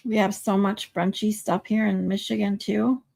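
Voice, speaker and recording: A woman with a mid-range, somewhat dark voice hosts a casual livestream, speaking at a moderate pace with flat delivery and some vocal fry. She chats playfully, reads viewer comments aloud, and tries out pronunciations.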